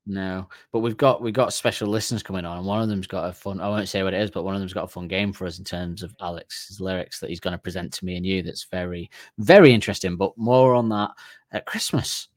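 A man's voice: sits low, fast talker, no echo, studio quality. A man co-hosting a podcast in casual chat, rambling and correcting himself, laughing at his own jokes. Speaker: podcast co-host.

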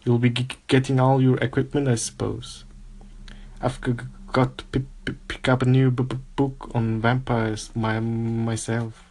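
A nervous young male teacher from a storybook, stumbling over his words in a halting stammer, as a man reading aloud puts him on. The voice sits at an ordinary pitch. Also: little pitch movement, darkish tone, natural voice.

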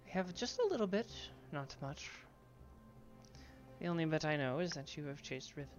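Woman doing a secretive tavern stranger, measured and cagey, low voice, dull lo-fi sound. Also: animated, soft background music.

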